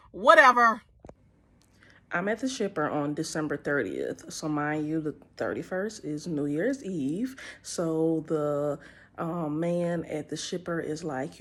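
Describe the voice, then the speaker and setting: A woman's voice: deep voice, expressive, slow, pushed and bright. A young woman truck driver, telling a story casually and animatedly, often laughing and quoting others.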